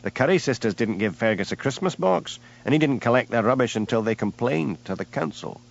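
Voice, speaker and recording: A man playing a lazy, easygoing village policeman with a Scottish Highland accent, mild and unhurried. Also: animated, gravelly, muffled recording. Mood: dry.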